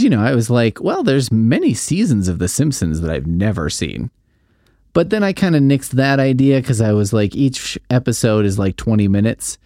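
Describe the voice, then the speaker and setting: A man with a low, mellow voice rambles through a casual monologue, swearing freely and poking fun at himself. His pitch swings widely as he tells stories, recorded close and dry with no room sound. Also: dry recording. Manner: rambling, profane, self-deprecating, animated storytelling. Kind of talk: casual monologue, podcast-style.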